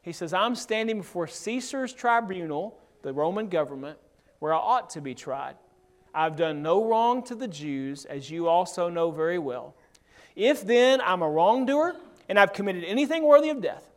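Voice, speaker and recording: High-voiced man preaching a Bible study. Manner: conversational, reads scripture aloud and explains it. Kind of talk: sermon-style Bible teaching.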